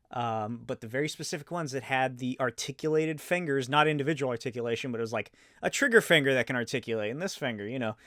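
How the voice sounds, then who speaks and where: A man's voice: mid-range voice, clean tone, dry recording, clean studio sound. A man in his thirties chatting casually and rambling as host of a solo show, swearing and laughing often. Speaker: podcast host.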